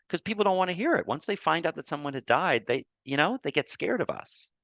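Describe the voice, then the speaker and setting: Deep-voiced man, tearful storyteller on a video call, halting and emotional, dry close sound. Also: a bit bright, no room sound. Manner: emotional, halting with repeated restarts. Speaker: guest speaker on grief. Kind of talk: personal storytelling in a group talk.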